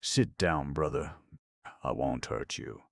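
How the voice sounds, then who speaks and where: A man voicing a half-mad old male tramp who preaches in a sing-song voice, mumbling and then shouting. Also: extremely low pitch, slow pace, gravelly, no echo, studio quality, full character voice. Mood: coaxing.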